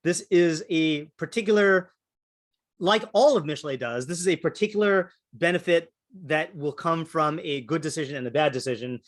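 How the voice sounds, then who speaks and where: A man's voice: on the high side, moderate pace. A man teaching a Torah class, thinking aloud through many fillers and restarts while calling on students. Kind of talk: interactive Torah class discussion.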